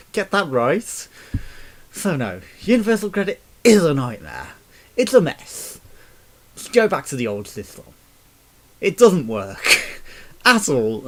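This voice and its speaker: A man ranting to camera, swearing constantly and sounding exasperated and sarcastic. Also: medium pitch. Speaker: vlogger. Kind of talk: angry rant to camera.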